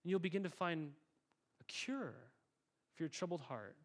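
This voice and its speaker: A man's voice: on the high side, animated, normal speed. A male pastor preaching a sermon, telling a story in an earnest, conversational way and calling the congregation "guys".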